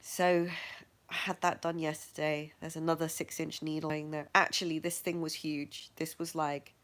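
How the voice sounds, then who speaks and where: Low-voiced woman, frank and self-mocking. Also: little pitch movement. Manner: frank and matter-of-fact, quick to laugh at herself. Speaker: vlogger sharing her health journey. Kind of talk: candid personal storytelling.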